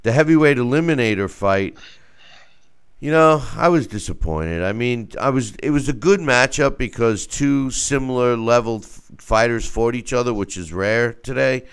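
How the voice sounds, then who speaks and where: A man talking boxing on a show as a guest, animated, with stammering restarts. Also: mid-range voice, normal speed, smooth. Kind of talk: casual boxing talk.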